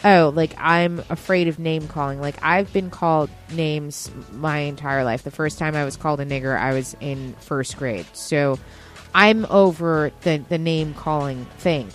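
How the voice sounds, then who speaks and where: A woman comedian in casual panel talk, animated and full of quick restarts. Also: low voice, soft background music.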